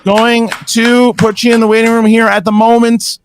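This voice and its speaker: A man hosting a post-match show, who announces results and asks questions in an excitable, hyped-up way. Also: very high voice, normal speed, no echo. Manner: excitable, hype commentary. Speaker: show host.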